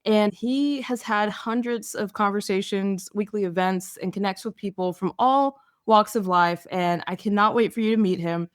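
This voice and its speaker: A woman's voice: mid-range voice, moderate pace, few pauses, clear, resonant tone, no echo, clean studio sound. A woman hosting a podcast interview, upbeat and enthusiastic. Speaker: podcast host.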